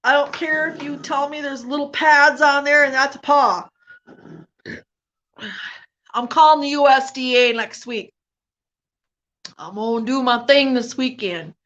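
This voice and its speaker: A middle-aged woman chats in a high, bright voice, taking her time with every rambling complaint. She talks loosely and colloquially. It is a dull, lo-fi home recording. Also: steady tone, a little slow, long pauses. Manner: loud, laughing, Southern-style colloquial rant. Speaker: vlog host. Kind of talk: casual chat.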